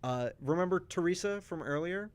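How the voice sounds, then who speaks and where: A man in casual chat, recapping soap opera plot twists for a stream with animated storytelling, frequent restarts and asides. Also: high voice. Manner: acts out characters' lines in quick voices.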